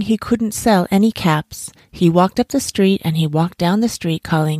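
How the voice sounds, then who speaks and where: A woman reading a bedtime story aloud in a gentle, soothing, unhurried way. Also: medium pitch, no room sound, clean studio sound.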